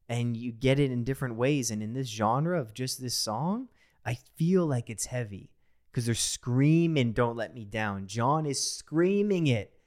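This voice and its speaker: A young man enthusiastically talking through a song as a reaction host, in a rambling, excited way. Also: medium pitch. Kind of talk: casual reaction commentary.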